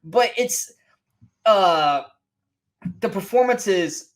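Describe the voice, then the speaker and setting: A man co-hosting a casual movie review show, animated and mocking, often acting out quotes from scenes. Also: sits high, very slow. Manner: animated, mocking, acts out quotes in silly voices. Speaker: podcast co-host.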